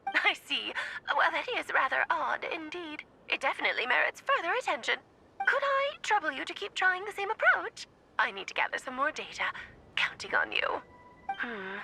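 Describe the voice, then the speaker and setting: A woman voicing a curious, brisk female researcher in a game. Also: high-pitched, big pitch swings, vocal fry, full character voice, rough recording. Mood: analytical.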